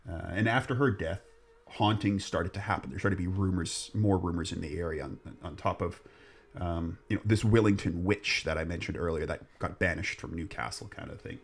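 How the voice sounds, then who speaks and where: A man's voice: deep voice, fairly quick. A man hosting a podcast, telling a ghost story in a rambling, jokey way. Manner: rambling, jokey, restarts often. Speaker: podcast host. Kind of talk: casual storytelling chat.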